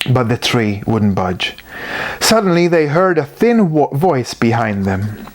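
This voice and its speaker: A storyteller reading a children's story aloud in an animated, unhurried way. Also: medium pitch.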